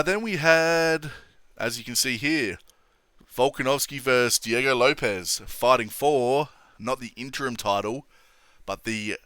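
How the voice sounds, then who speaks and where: A man's voice: medium pitch, pushed and bright, smooth, no echo, studio quality. A young man hosting a casual MMA opinion vlog, blunt and sweary, laughing often. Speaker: MMA commentary channel host.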